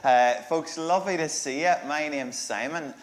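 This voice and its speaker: A man's voice: fairly high pitch, moderate pace. A man with an Irish Monaghan accent, a minister cracking jokes to a church congregation in a laid-back, playful way. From Ireland (Monaghan). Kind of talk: joke-filled sermon to a congregation. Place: church service, in front of a congregation.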